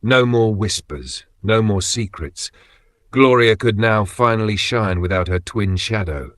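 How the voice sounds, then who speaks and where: Man, low voice, dramatic story narration, dry booth sound. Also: unhurried, no echo. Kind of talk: scripted narration.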